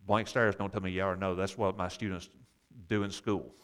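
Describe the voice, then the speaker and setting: A man's voice: sits low, level tone, normal speed, clear, resonant tone. A man leading a Bible study class, explaining verses and asking the group questions, with wry asides.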